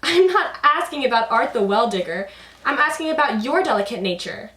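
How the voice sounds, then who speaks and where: A woman doing a pompous, flowery gentleman. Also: expressive, fairly quick, echoey room, far from the mic. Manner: loud, high, affected formal speech. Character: pompous worldly man, flowery and fussy. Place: basement.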